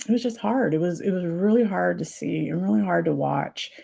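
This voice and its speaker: A woman's voice: on the low side, a little fast, vocal fry, dark tone. A woman hosting a livestream, talking to viewers in a confiding, emotional, sympathetic way. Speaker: livestream host.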